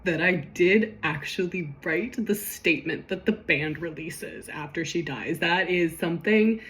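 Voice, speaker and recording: A woman's voice: fairly low pitch, a little slow, fairly bright tone, slight background noise. A woman casually recapping a story she wrote, chatty and self-deprecating, often trailing off mid-sentence. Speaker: podcast host recapping her own story.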